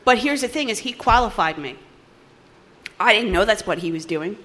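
A woman from New Jersey giving personal testimony at a recovery meeting, animated and acting out the voices in her story. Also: medium pitch, normal speed. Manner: animated storytelling, acts out dialogue, laughs often.

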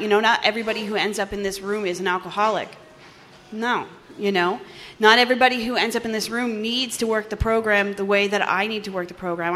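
Bright-voiced woman, animated storyteller, shares her recovery testimony and acts out the voices in it. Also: medium pitch, a little hiss or hum. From New Jersey. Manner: animated storytelling, acts out dialogue, laughs often. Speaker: recovery meeting speaker. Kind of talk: personal testimony at a recovery meeting.

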